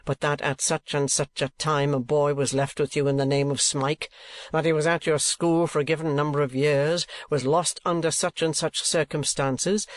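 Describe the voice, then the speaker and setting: A man's voice: on the high side, no echo, natural voice. A man voicing a cold, scheming older moneylender who speaks curtly and presses his points with emphasis. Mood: emphatic.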